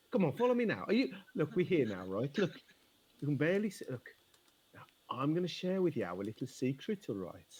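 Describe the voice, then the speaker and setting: This scheming Tudor conman has a husky voice that ranges widely as he wheedles, played by a man. He talks in a folksy, conspiratorial way, always selling something. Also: medium pitch, a little mellow.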